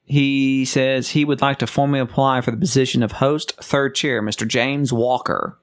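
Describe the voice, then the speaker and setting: A man's voice: medium pitch, steady tone, normal speed. A man co-hosting a podcast, reading listener messages aloud with dry, teasing banter. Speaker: podcast co-host. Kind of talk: casual banter.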